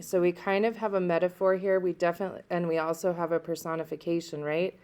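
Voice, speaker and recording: A woman teacher reading a novel aloud to students and pausing to discuss it, checking in as she goes. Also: lowish voice, fairly even intonation, darkish tone, clean tone.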